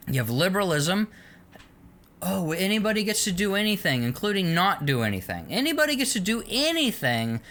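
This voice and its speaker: A man's voice: high-pitched, sharp tone. A man delivering a long, heated political rant to camera, sarcastic and mocking toward imagined critics. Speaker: political commentator.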